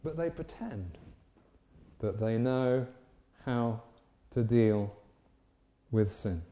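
A man preaching a sermon, telling the story in an emphatic, animated way. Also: medium pitch, extremely slow, muffled recording.

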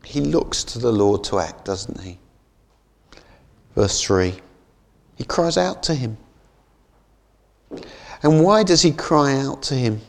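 A man preaching a sermon in a conversational way. He often adds "isn't it?" and slows down and softens on key phrases. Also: mid-range voice, expressive, creaky. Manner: conversational, keeps asking "isn't it?".

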